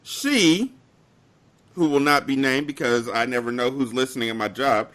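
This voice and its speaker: A young man co-hosting a podcast, telling a work story in casual chat with animated delivery and mock-formal phrasing. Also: mid-range voice, moderate pace. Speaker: podcast co-host.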